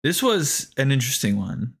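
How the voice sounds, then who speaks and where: A man's voice: medium pitch, very animated, moderate pace, very noisy. A man co-hosting a podcast in casual chat, agreeable and moving the talk along. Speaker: podcast co-host.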